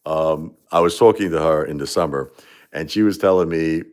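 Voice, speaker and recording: A man's voice: extremely low pitch, normal speed. A middle-aged man hosting a livestream, talking in a rambling, heartfelt, conversational way. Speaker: livestream host. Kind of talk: casual livestream talk.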